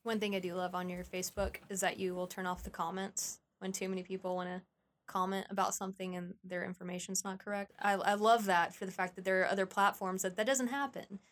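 A woman's voice: mid-range voice, little pitch movement, brisk. A woman chatting as a podcast co-host, agreeable and conversational.

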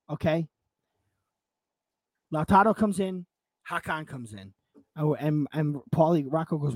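A man's voice: a little high, a little slow, long pauses, no room sound. A man telling a long, emotional story in a casual podcast chat, swearing and tripping over his words as he goes. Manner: excitable storyteller, swearing, repeating himself. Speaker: podcast co-host.

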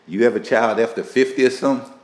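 A man hosting a casual faith-based interview, animated and teasing, laughing often. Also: mid-range voice, fast. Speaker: interview host. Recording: echoey room with faint noise.

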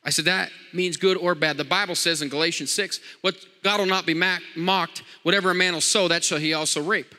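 A man's voice: on the high side, steady tone, fairly quick, hardly any pauses, sharp tone. A man preaching a sermon, joking with the congregation and repeating lines with frequent amens. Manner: jokey, call-and-response preaching with repeated amens. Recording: long hall reverb.

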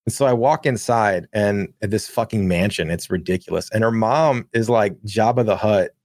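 A young man co-hosting a podcast, telling a long profane anecdote in a rambling, animated way. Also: lowish voice, normal speed, no echo, clean studio sound. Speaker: podcast co-host. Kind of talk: casual storytelling.

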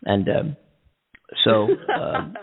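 A man's voice: on the low side, drawn-out words, gravelly. A man co-hosting a casual call-in talk show, rambling with many restarts and fillers. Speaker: co-host. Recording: phone line.

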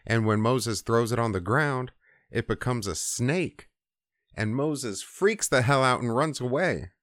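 A man's voice: mid-range voice, expressive, a little slow, fairly bright tone, dry recording, clean studio sound. A man casually retelling a scripture story in irreverent slang with mild swearing.

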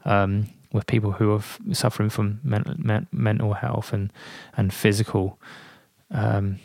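A man, a guest and military veteran, telling anecdotes in an animated way with many fillers and restarts. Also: fairly low pitch, a little slow, vocal fry, dry recording, studio quality. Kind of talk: storytelling in a podcast interview.

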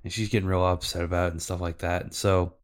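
A man's voice: sits low, little pitch movement, quick pace, smooth. A man hosting a podcast, recapping cartoon episodes in loose, casual talk with fillers and swearing. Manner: loose, profane, lots of fillers. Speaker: podcast host.

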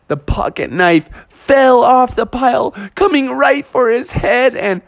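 A man telling a playful children's story with animated, lively narration. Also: very high voice, measured pace, gravelly, dry recording.

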